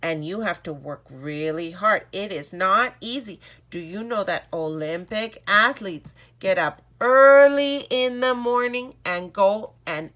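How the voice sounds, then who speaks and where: A woman voicing proud Olympic athletes who cheer loudly and then coach children. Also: mid-range voice.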